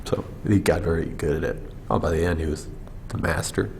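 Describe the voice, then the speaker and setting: A man's voice: deep voice, brisk, vocal fry, slight background noise. A man, a film director, telling stories in a behind-the-scenes interview and mimicking the people he worked with. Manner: animated storyteller, mimics people.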